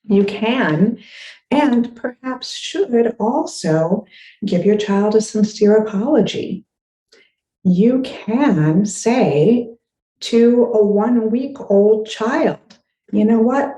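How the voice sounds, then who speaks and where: A woman's voice: a little high, lively intonation, slow pace, dark tone, roomy sound, low-quality recording. A woman parenting coach giving encouraging advice straight to the listener. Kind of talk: direct-to-camera advice talk.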